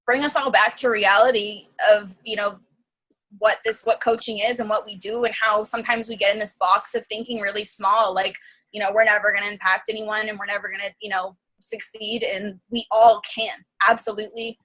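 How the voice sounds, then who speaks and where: A woman's voice: medium pitch, steady tone, moderate pace, a bit bright, rough recording. A woman coach on a casual group call, talking in an emotional, gushing way with many fillers. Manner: reads listener comments aloud.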